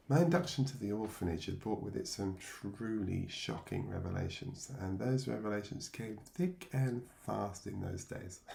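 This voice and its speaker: A middle-aged man from England tells his own life story as a memoir narrator, reflective and wry, chuckling at himself and acting out voices from memory. His voice is lowish, gravelly, and warm, heard in an echoey room.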